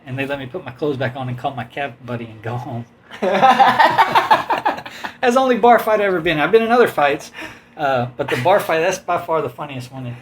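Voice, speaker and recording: Casual male storyteller, slightly high voice, rambling and animated, faint room hum behind. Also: moderate pace, pauses often. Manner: rambling, animated anecdote with quoted voices and laughs. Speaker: host telling a story.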